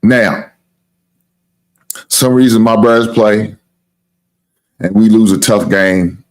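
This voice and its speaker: A man hosting a casual live-stream sports talk show, with a deep voice, rambling and repeating himself and swearing now and then. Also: slow pace. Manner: rambling, repetitive, plugs the channel, swears casually.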